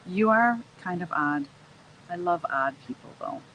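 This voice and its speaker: A woman's voice: on the low side, animated, measured pace, fairly bright tone, lo-fi sound, slight background noise. A middle-aged woman hosting a live stream, chatting casually and laughing often while she paints and reads the chat.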